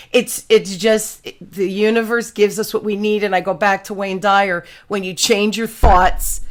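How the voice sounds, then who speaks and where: Animated woman podcast host. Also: medium pitch, moderate pace. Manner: animated storyteller, exclamatory, slangy. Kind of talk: casual chat.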